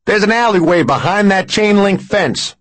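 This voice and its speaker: A man's voice: sits high, expressive, moderate pace, fairly bright tone, dry recording, voice pushed up. A man voicing a tense middle-aged police chief who gives curt, commanding orders.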